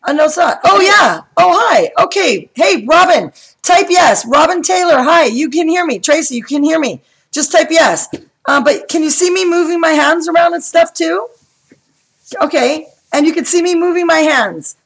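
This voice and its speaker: A woman hosting a coloring channel, talking in a chatty and excitable way while she sets up a live stream at home and asks lots of questions. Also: extremely high pitch, normal speed, vocal fry, low-quality recording. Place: home room with bright lights.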